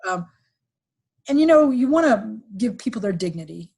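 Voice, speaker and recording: A middle-aged woman recounting a painful family story on a podcast, with halting restarts and fillers, sometimes quoting others in livelier voices. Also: a little high, sing-song, creaky, a little mellow, slightly rough. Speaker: podcast guest, executive recruiter. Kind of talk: emotional personal storytelling.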